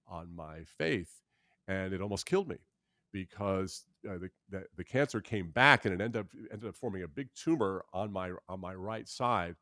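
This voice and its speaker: A man's voice: sits low, animated, pushed and bright, no echo, clean studio sound. A man in his sixties, a guest in a candid interview, telling stories animatedly with frequent restarts and putting on voices for the people he quotes. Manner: halting, with many restarts. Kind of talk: candid storytelling conversation.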